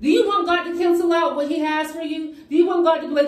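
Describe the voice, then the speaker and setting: A woman's voice: sits high, fast talker, few pauses, a little mellow. A woman preaching fervently in a conversational way, encouraging her viewers in a get-ready-with-me video. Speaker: Christian vlogger. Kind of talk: preaching while getting ready. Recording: echoey room from a distance.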